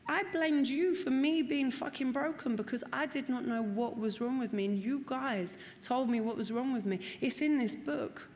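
A woman's voice: high voice, normal speed, few pauses, a little mellow, a little hiss or hum. A woman speaking earnestly and candidly to a recovery group, swearing freely and repeating words for emphasis. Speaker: speaker sharing at a recovery meeting. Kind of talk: personal testimony to a group. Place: meeting room. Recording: long reverb of a meeting hall, faint room ambience.

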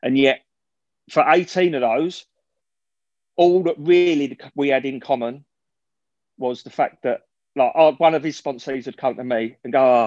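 A man's voice: medium pitch, moderate pace, long pauses, a little mellow, no room sound, highs cut off. Rambling man sharing at a meeting. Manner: rambling, frank, swears, many restarts. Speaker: recovery meeting sharer. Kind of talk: personal share at a recovery meeting.

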